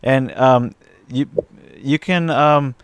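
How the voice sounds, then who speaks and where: A man acting as game master, explaining rules with halting restarts. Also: medium pitch, smooth, dry recording. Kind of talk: running a tabletop role-playing game.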